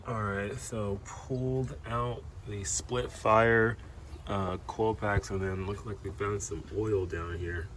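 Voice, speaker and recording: A man's voice: fairly low pitch, a little hiss or hum. A man talking casually through a car repair, rambling and easygoing, with lots of fillers and restarts. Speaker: car vlogger. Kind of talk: casual chat.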